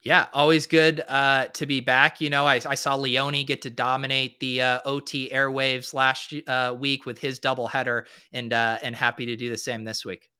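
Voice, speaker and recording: A man's voice: medium pitch, little pitch movement, moderate pace, hardly any pauses, pushed and bright, clear, resonant tone. A man appearing as a guest on a podcast, chatting in a self-deprecating, joking way. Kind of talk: casual podcast chat.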